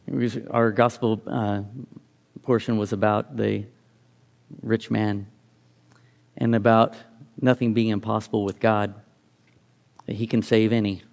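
Man, middle-aged, sermon, gravelly voice, reflective, reads scripture aloud. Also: medium pitch, darkish tone. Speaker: preacher.

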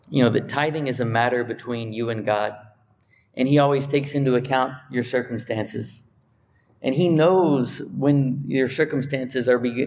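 A man preaching a sermon, emphatic, climbing higher when he drives a point home, sometimes stopping to correct himself as he thinks aloud. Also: darkish tone. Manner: emphatic, rising in pitch when stressing a point; restarts and self-corrections while thinking aloud. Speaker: pastor.

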